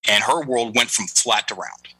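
A middle-aged man tells a story with lively energy, jumping into the voices of the people in it. His tone is strikingly bright and forward. The sound is dry and close, with no room around it. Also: fairly low pitch, moderate pace, husky, no echo, low-quality recording. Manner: animated storyteller, acts out quoted lines. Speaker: guest, breathing and language coach. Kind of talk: storytelling interview talk.

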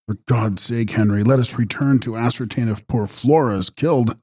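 A man's voice: mid-range voice, moderate pace, warm tone, slightly rough, close to an everyday voice. A man reading an earnest, steadying young brother. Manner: earnest, soothing.

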